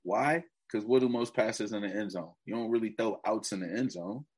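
A man co-hosting a podcast, talking sports in casual, animated chat with swearing. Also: fairly low pitch, moderate pace, slightly rough. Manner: animated, swearing, mock quotes. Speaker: podcast co-host.

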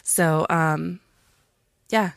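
A woman's voice: deep voice, steady tone, very slow, creaky, no echo, clean studio sound. A woman co-hosting a podcast live stream, upbeat in casual chat as she reads out viewer comments. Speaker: podcast co-host.

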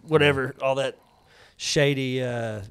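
A man's voice: medium pitch, fairly even intonation, measured pace, a bit bright, clear, resonant tone, dry recording. A man co-hosting a casual chat, chiming in with trivia and agreement. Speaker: podcast co-host.

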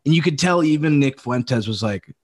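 A man's voice: mid-range voice, lively intonation, normal speed. A young man hosting a podcast in casual chat, joking, swearing and filling his talk with "like". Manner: joking, swears a lot, many "like" fillers. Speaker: podcast host.

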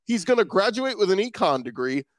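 A man co-hosting a casual sports podcast, talking quickly and posing rhetorical questions. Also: high-pitched, sing-song, no echo, studio quality. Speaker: guest podcast co-host.

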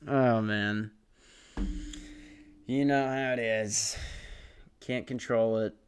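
A man's voice: mid-range voice, clear, resonant tone. A young man hosting a podcast, telling a rambling, profane story in a casual, self-deprecating way, tired from too little sleep. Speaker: podcast host.

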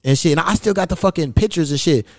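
A young man from hosting a podcast, telling loose, profane stories in casual chat and jumping his pitch high when he quotes someone. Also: fast talker, a little mellow, no room sound, clean studio sound. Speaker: podcast host.

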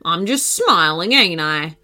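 Woman putting on a grumpy old man, gruff, muttering, coarse slang, loud. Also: lowish voice, lively intonation, takes it slowly, faint music behind, voice pushed down, exaggerated voice. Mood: gloating. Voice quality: gruff, grumbling.

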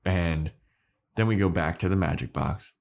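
Low-pitched guy host, easygoing rambling recap. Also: moderate pace, creaky, a little mellow. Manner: loose scene-by-scene recapping with laughs. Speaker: podcast co-host. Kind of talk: casual chat.

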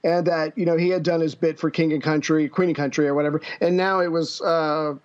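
A man's voice: a little high, steady tone, brisk, smooth. A man co-hosting a podcast, chatting casually about history and often stopping to restart his sentences. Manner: hesitant, many fillers and restarts. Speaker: podcast co-host. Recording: dull lo-fi recording.

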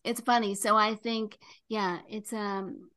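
A woman's voice: mid-range voice, fairly even intonation, takes it slowly, bright, forceful tone. An older woman, a podcast guest, telling a story in casual chat, full of fillers and laughing as she goes.

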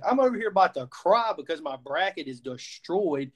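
A young adult man from the Southern United States co-hosting a podcast, telling a lively story in casual sports talk and acting out his own reactions. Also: high voice, moderate pace, few pauses. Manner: animated storyteller, quotes himself. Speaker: podcast co-host.

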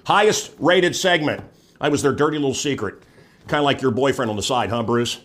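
A man's voice: mid-range voice, a little fast, a bit bright. Brash, sarcastic older man on a vlog. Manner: brash, sarcastic, rambling with self-interruptions; mocking voices of others. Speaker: vlog host, former radio host. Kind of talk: casual monologue to camera.

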